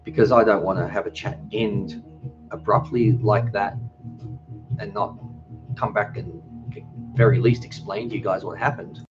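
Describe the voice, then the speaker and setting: A man's voice: lowish voice, fairly even intonation, moderate pace, long pauses. A middle-aged man hosting a casual livestream chat, rambling and reading viewer comments aloud. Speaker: cooking channel host. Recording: dull lo-fi sound with music behind.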